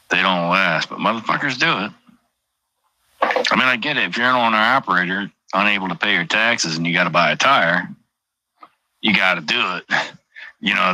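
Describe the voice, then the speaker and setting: A man's voice: sits low, pushed and bright, dry recording, rough recording. A truck driver chatting casually on a stream, rambling, swearing constantly and joking as he goes. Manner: profane, rambling, jokey. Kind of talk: casual livestream chat.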